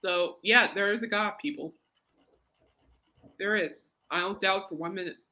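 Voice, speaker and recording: A woman's voice: mid-range voice, moderate pace, pushed and bright. A woman hosting a podcast, chatting casually and rambling through stories. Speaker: podcast host. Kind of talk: casual chat.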